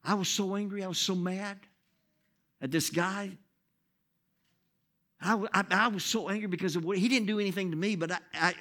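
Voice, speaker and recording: A pastor telling a personal story in a sermon, swinging from loud outbursts to hushed, soft moments. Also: male voice, high-pitched. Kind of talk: sermon testimony.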